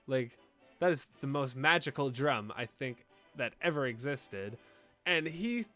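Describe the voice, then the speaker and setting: A man's voice: mid-range voice, animated, unhurried, pushed and bright, faint music behind. A young man hosting a casual commentary video, rambling and joking with mock-indignant asides.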